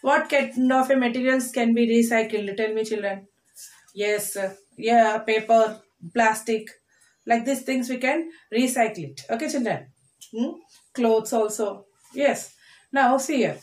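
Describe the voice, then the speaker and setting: A woman teaching a class to children. She speaks slowly and deliberately, repeating each word and breaking it into syllables. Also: fairly high pitch. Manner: slow, deliberate, repeats words and spells them out in syllables. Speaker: English teacher. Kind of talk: online classroom lesson. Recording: echoey room.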